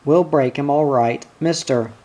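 A man's voice: fairly high pitch, unhurried, dark tone. A man reading the lines of a determined young horse breaker in a storybook reading. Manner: plain, determined, a little husky.

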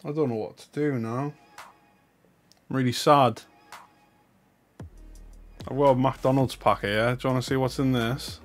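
A man's voice: mid-range voice, fairly even intonation, a little slow, pauses often, faint music behind. A young man with a North East English accent, chatting glumly and mocking himself as he opens cards for viewers on a livestream. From North East England. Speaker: card-opening streamer. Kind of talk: casual livestream chat.

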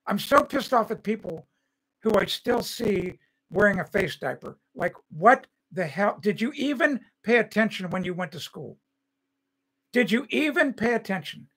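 A man's voice: sits high, animated, moderate pace, fairly bright tone, husky, poor audio. An older man hosting a livestream, ranting angrily and repeating phrases, then reading viewer comments and answering by name. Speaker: host of a home-building show.

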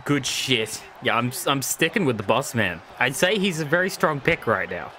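A young man with a mid-range voice talks at normal speed while streaming a wrestling video game, a little hiss or hum audible underneath. His casual commentary is excitable, with lots of joking, laughing and swearing.

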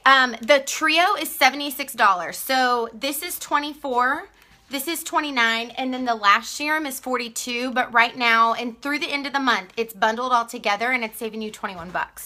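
A woman's voice: fairly high pitch, sharp tone. A woman with a Texan accent chatting casually on a live stream as she sells makeup, laughing often and greeting viewers by name.

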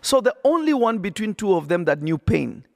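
A man's voice: sits high, big pitch swings, normal speed, creaky. A man preaching on a podcast, emphatic and repetitive, often checking that listeners follow. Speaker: prophet and podcast host.

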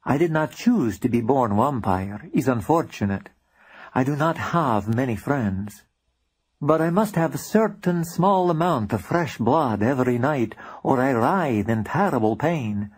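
A pleading vampire with polite, theatrical manners, as a man reads him out. He talks in formal, stiff phrases, and the voice comes out husky and a little breathy. Storybook character in a spoken audiobook. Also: medium pitch, animated, a little slow.

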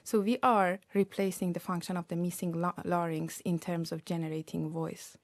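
Woman guest expert, lowish voice, patient explainer, close dry mic. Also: steady tone, dry recording. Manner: explanatory, measured, careful. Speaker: researcher guest. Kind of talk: radio interview.

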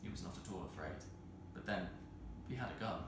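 A man reading a children's novel aloud as a storyteller, expressive and measured. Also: low voice. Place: arts centre hall. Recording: roomy hall with faint noise.

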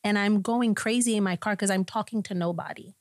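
A woman pastor tells her personal testimony in a podcast conversation, animated and lively as she acts out the people in her story. Her voice sits at an ordinary middle pitch. It comes across close and dry, with no room sound around it. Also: brisk, dry recording. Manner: laughs often between lines.

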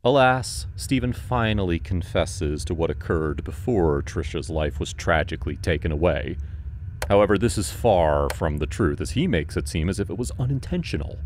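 A man narrates a true crime story from a script, grave and measured. His voice sits very low. Faint noise lies under it. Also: lively intonation, darkish tone.

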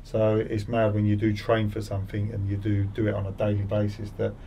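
A man's voice: lowish voice, completely flat delivery, brisk, vocal fry, dark tone, distant mic, slight background noise. A man in his forties, a former footballer, chatting as a podcast guest with many restarts and repeated words. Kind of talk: casual interview chat.

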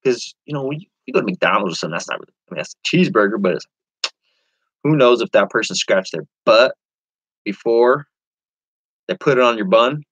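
A man's voice: mid-range voice, expressive, fairly quick, long pauses, fairly bright tone, slightly rough, dry recording, low-quality recording. A man chatting casually on a live stream as an online reseller, rambling to viewers and reading their comments aloud.

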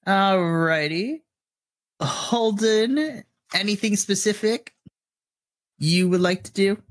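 A man narrating a tabletop game as game master, excitable and giggly, often restarting his sentences. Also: high voice, slow pace.

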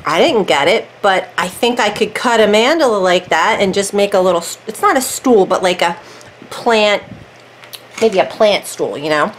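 A woman's voice: medium pitch, animated, moderate pace, rough recording. Woman, casual crafting chat, rambling, self-interrupting, faint room hum behind. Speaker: crafting vlogger. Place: warm room at home.

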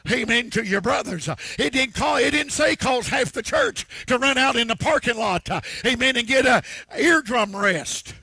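A pastor preaches in a folksy, storytelling way, peppering his sermon with amens. His voice sits high and gravelly with a bright, husky edge. The sound is close and dry. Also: expressive, normal speed, dry recording. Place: church.

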